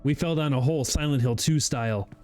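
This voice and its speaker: A man streaming a game, giggling often, swearing, and breaking into sudden high shrieks as he comments to chat. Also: fast, darkish tone, soft background music. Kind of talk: gaming livestream commentary.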